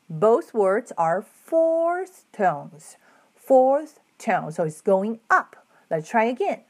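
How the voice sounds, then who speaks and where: A woman teaching a Mandarin lesson, modeling each tone with exaggerated pitch swoops. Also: sing-song, slow, darkish tone. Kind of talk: slow, patient language lesson.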